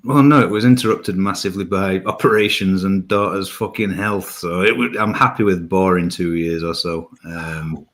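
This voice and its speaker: A low-voiced man co-hosts a live chat show. He talks bluntly, swears freely and teases the others. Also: moderate pace, hardly any pauses, fairly bright tone. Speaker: co-host. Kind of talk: casual live-show banter.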